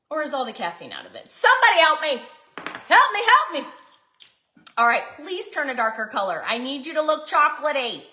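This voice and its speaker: A woman's voice: high-pitched, pushed and bright, roomy sound. A woman, cooking at home and chatting to viewers in a self-mocking, dramatic way. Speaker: cooking vlog host. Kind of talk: casual kitchen chat to viewers. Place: home kitchen.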